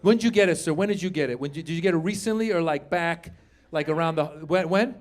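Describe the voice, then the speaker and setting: A man in his fifties performing a stand-up comedy set on a club stage, chatting with the crowd and jumping into loud put-on voices. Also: fairly high pitch, quick pace. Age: 50s.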